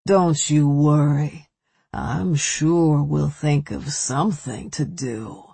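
A woman voicing a menacing male kidnapper with a low, leering drawl. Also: slow pace, creaky, warm tone, husky, no room sound, exaggerated voice.

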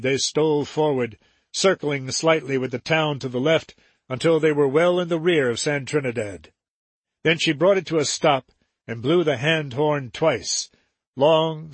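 A man reads a novel aloud in a measured, steady voice. His tone is husky, a little higher than most men's, and recorded dry and close with no room around it. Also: dry recording. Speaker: narrator. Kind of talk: audiobook narration.

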